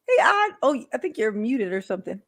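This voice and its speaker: A woman's voice: on the high side, very animated, brisk. A woman live streamer, chatting casually with viewers, rambling and laughing often.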